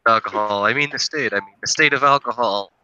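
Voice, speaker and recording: A man's voice: mid-range voice, a little fast, pushed and bright, lo-fi sound, slight background noise. A laid-back man chatting casually with friends on a group call, laughing often. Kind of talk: casual chat.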